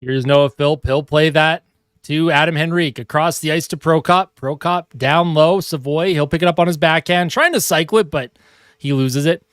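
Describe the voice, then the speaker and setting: A man calls hockey play-by-play from his home in a relaxed, chatty fan style. His voice sits fairly high and comes through a dry, close desk mic. He keeps a steady, easygoing pace. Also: moderate pace, clean tone, dry recording. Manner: casual play-by-play, chatting with his cat and viewers. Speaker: hockey stream host. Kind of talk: live play-by-play commentary. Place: home room.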